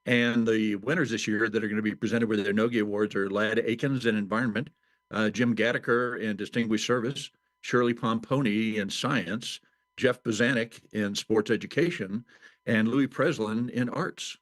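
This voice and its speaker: A man's voice: on the low side, fairly even intonation, normal speed, dry recording. Matter-of-fact male writer listing details. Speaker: magazine writer.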